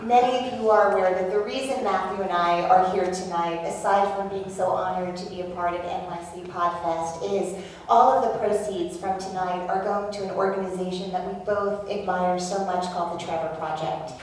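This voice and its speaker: A woman's voice: fairly low pitch, fairly even intonation, a little fast, a little mellow, a little hiss or hum. A woman hosting a live podcast interview on stage, talking in a chatty, joking way. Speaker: podcast host. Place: theater stage before an audience. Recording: echoey room, far from mic, audience. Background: audience.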